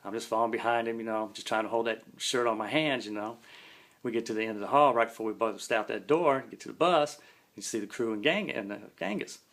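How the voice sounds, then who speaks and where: A man's voice: on the low side, fast talker, fairly bright tone. A man casually telling a long story from his past, rambling and folksy, full of "you know" and "man".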